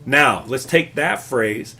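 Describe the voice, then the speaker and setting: A man teaching a live classical guitar lesson, explaining patiently and warmly encouraging his student. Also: mid-range voice, takes it slowly, gravelly.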